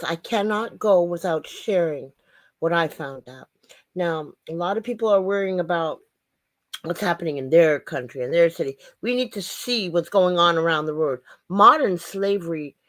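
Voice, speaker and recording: A woman's voice: on the low side, no room sound. A woman host earnestly introducing a clip and speaking straight to her viewers. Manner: earnest, direct address to viewers. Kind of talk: show introduction.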